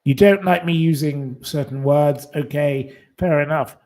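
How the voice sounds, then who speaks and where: A man's voice: medium pitch, measured pace, a little mellow. A man hosting a live stream, indignantly scolding commenters in blunt, profane, repetitive retorts. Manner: repeats short dismissals.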